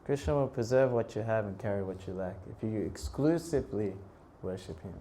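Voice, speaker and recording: A man in his thirties, a monk preacher telling a lively story in a temple talk, laughing often and breaking into shouted prayers. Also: lowish voice, fairly quick, slight background noise.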